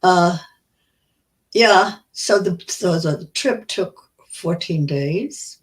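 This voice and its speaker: A woman in her nineties, a survivor, telling her memories in an interview, slow and halting with many restarts. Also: on the low side, low-quality recording. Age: 90s. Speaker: Holocaust survivor guest.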